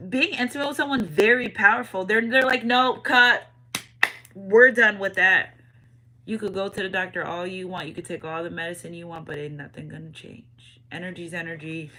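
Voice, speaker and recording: A woman giving a casual spiritual tarot reading, animated and repeating catchphrases, swinging between loud and hushed. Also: fairly low pitch, fast, hardly any pauses, a little hiss or hum, rough recording. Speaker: tarot reader.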